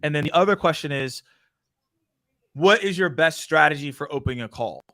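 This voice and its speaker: A man's voice: a little high, animated, fairly quick, bright, forceful tone, dry recording, studio quality. A man hosting a casual show, moderating questions in an upbeat way. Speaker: podcast host. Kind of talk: casual chat.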